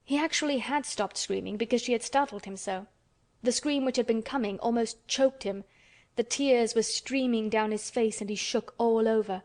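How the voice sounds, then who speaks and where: Woman narrator, steady measured read, slightly high voice, audiobook. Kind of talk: scripted narration.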